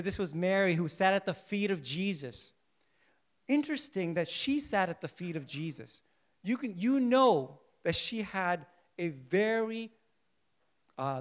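High-voiced preacher quizzing his congregation. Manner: asks the congregation rhetorical questions and answers them; shifts between soft, slow emphasis and louder bursts. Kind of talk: sermon.

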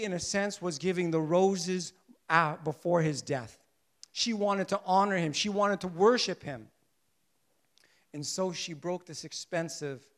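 High-voiced preacher quizzing his congregation. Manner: asks the congregation rhetorical questions and answers them; shifts between soft, slow emphasis and louder bursts. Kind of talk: sermon.

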